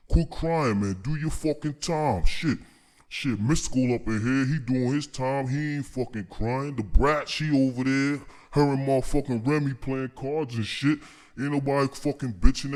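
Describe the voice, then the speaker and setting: A man's voice: medium pitch, a little mellow. A man from Staten Island, delivering a boastful, confrontational, profane comic rant to the camera. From Staten Island, New York. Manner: boastful, confrontational, calls people out.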